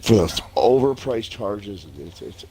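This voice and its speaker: A man's voice: on the low side, very animated, unhurried, mellow. A man in his forties chatting casually while gaming, telling stories with lots of swearing and laughter. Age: 40s. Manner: profane, laughing storyteller. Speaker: streamer.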